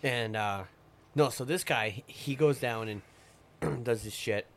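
During a laid-back podcast conversation, a male guest with a mid-range voice and measured pace tells a long, rambling tale full of swearing. He acts out what others said in quoted voices.

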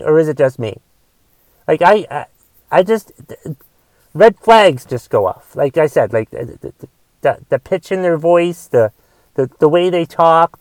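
A man's voice: a little high, a little mellow, no room sound, rough recording. A man hosting his own podcast, ranting on his own in a casual, profane way, with many repeats and false starts. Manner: profane, repetitive, frequent restarts. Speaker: podcast host. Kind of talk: casual monologue rant.

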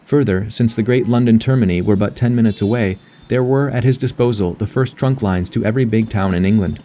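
A man reading an audiobook novel as narrator in a measured, even way. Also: on the low side, slight background noise. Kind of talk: scripted narration.

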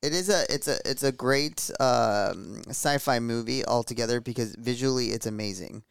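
A man co-hosting a podcast, calmly summing up a film's ending with fillers. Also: medium pitch, moderate pace, gravelly, clear, resonant tone, no echo, clean studio sound. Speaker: podcast co-host. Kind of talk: casual chat.

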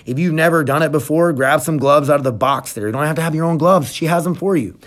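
A man hosting his own podcast, talking casually and bluntly with frequent swearing, switching from hyped gym promotion to quieter personal reflection. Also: on the high side, fast talker. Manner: blunt, profane, energetic then reflective. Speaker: podcast host. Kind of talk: casual solo podcast talk.

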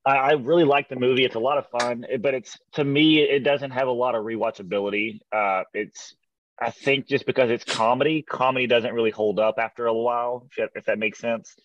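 A man's voice: mid-range voice, no room sound. Easygoing male co-host, dull dry mic. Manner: relaxed, halting, filler-heavy. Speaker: podcast co-host. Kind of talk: casual chat.

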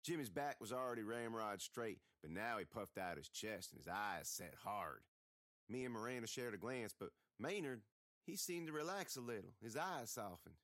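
A man reads a first-person tale with folksy, expressive delivery. His pitch swings widely as he tells it. The sound is dry and close, with no room around it. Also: moderate pace, dry recording. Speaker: audiobook narrator. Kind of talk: first-person storytelling reading.

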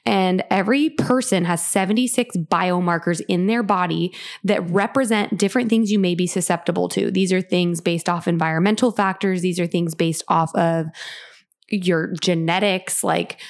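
A woman's voice: on the low side, normal speed. A young woman casually telling a personal story on a podcast, chatty and full of fillers. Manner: chatty, many "like" fillers, animated retelling. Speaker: podcast host sharing her story.

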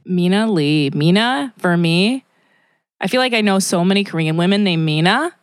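A woman's voice: lowish voice, animated, normal speed, dry recording, studio quality. A woman co-hosting a comedic podcast in casual chat, playful and teasing, laughing often. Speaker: podcast co-host.

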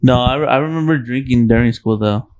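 A man's voice: medium pitch, brisk, a little mellow. A young man in casual podcast chat, telling loose stories with lots of swearing. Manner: loose storytelling, swears a lot.

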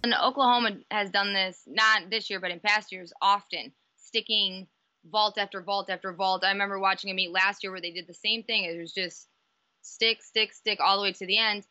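A woman's voice: medium pitch, steady tone, moderate pace, sharp tone, dry recording, muffled recording. A woman co-hosting a podcast, chatting casually and enthusiastically about college gymnastics. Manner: enthusiastic, gushing. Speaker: podcast co-host.

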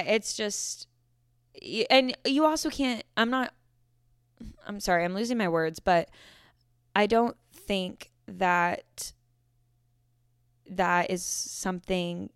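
A young woman in her twenties hosts a solo podcast, chatty and rambling in casual talk, often correcting herself mid-sentence. Her mid-range voice is clear with a resonant tone, and the recording is dry and studio quality.

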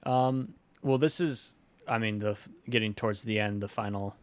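A man's voice: on the low side, steady tone, normal speed. Rambling man recounting movie scenes. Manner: rambling, hesitant, many fillers. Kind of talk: casual movie discussion.

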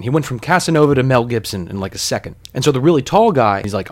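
A man's voice: medium pitch, lively intonation, fast talker, few pauses. A man telling a story casually, rambling and digressive, with lots of fillers.

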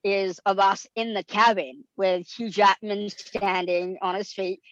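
A man's voice: sits high, unhurried, dry recording. Man, interview guest, chatty storyteller, lots of fillers, dull lo-fi sound, dry. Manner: chatty, frequent "like" and "um" fillers, lively retelling. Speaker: guest actor.

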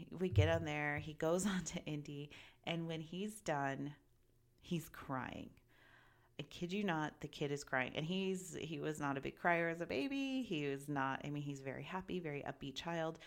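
Chatty, animated woman in her thirties. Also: sits low, normal speed. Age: 30s. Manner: chatty, animated, laughs often, self-correcting. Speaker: parent giving travel advice. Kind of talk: casual chat.

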